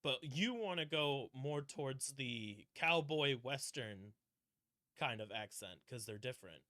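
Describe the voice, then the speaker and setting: Brief: male podcast co-host, very bright and forceful tone, rambling, casual cursing. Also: mid-range voice, expressive, a little slow, no echo, studio quality. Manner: rambling, swears casually, trails off.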